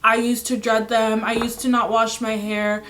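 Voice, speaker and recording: A young woman reviewing her favorite beauty products in a casual chat, her voice raspy and hoarse from illness, with lots of filler words. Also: a little high, flat delivery, normal speed, fairly bright tone, slight background noise. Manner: chatty, full of "like" fillers. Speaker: beauty vlogger.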